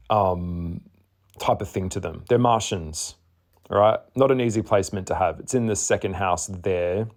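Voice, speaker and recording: Male astrologer, low-pitched, frank and chatty, casual spoken reading. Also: measured pace, darkish tone. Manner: candid, chatty, swears, laughs often.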